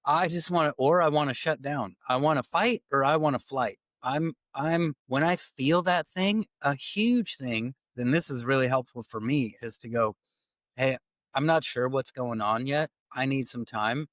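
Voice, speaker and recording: A man hosts a podcast in a relaxed, talky way, telling stories and slipping into the voices of the people he quotes. His voice sits at a middle pitch. It is recorded close and dry, with no room around it. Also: moderate pace, no echo. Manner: animated storytelling, acting out quoted dialogue. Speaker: podcast host. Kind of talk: casual conversational podcast talk.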